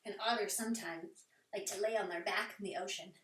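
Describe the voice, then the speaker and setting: A woman teaching a playful children's yoga session, talking in a sing-song voice that sometimes drops to soft whispers. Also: medium pitch, fairly even intonation, a little fast, slight background noise. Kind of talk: guided kids' yoga with animal play. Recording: echoey room, voice from a distance.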